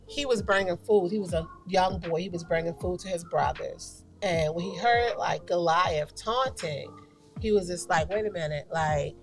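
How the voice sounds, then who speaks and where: A woman's voice: on the low side, moderate pace, over music. A woman co-hosting a talk show, sharing a faith message in a chatty way, full of "you know" and "like". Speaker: co-host giving a faith segment. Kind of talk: casual devotional talk.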